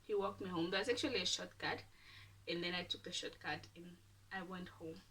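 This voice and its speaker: Animated young woman telling a story. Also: lowish voice, moderate pace, distant mic. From Namibia. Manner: animated, laughing, dramatic whispered asides. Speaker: YouTuber. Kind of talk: casual storytime.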